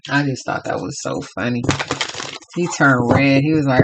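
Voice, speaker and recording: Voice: mid-range voice, fairly even intonation, moderate pace, very noisy. A tarot reader from Los Angeles giving a casual, rambling reading to viewers and laughing often.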